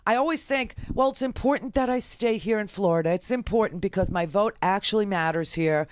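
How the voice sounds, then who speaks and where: A woman's voice: medium pitch, brisk, no room sound, studio quality. A woman radio talk show host ranting through a political monologue, exasperated and pleading by turns. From United States. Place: radio studio.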